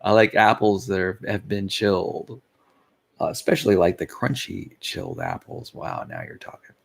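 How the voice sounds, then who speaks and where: A man's voice: deep voice, huge pitch swings, moderate pace, gravelly, slightly rough. A tired, sleepy man rambling casually in a vlog, yawning, losing his thread and chuckling at himself. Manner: meandering, loses his thread, laughs softly at himself. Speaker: vlogger.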